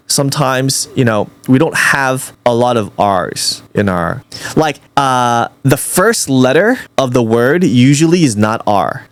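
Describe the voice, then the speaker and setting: A man from China chatting casually and teasing an AI assistant, pushy and animated. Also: mid-range voice. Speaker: user testing an AI. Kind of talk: casual chat.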